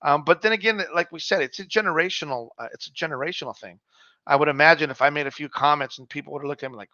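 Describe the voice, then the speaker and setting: A man's voice: fairly high pitch, quick pace, pushed and bright, no echo, highs cut off. A middle-aged man co-hosting a podcast, chatting casually, swearing freely and calling his friend "man" and "dog". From Mexican heritage. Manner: laid-back storyteller, swears freely, says "man" and "dog". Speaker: podcast co-host.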